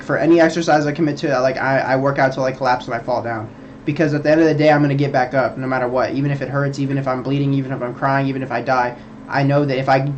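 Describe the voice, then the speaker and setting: A man's voice: mid-range voice, highs cut off, slight background noise. A young man streaming, rambling in casual chat, swearing a lot and preaching about belief.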